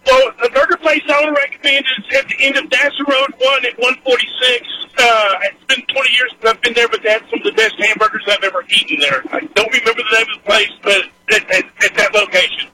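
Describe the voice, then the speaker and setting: A man's voice: very high voice, steady tone, quick pace, hardly any pauses, bright, forceful tone, low-quality recording. A man calling into a radio show and telling a rambling folksy story. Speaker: caller. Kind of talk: storytelling on a call-in line.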